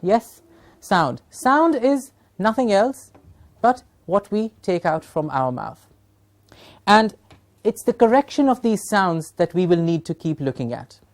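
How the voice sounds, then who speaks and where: Punjabi woman trainer, fairly low voice. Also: big pitch swings, a little slow, darkish tone. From Punjab, India. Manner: emphatic, asks rhetorical questions and checks in with "Yes?". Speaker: teacher trainer. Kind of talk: training workshop lecture.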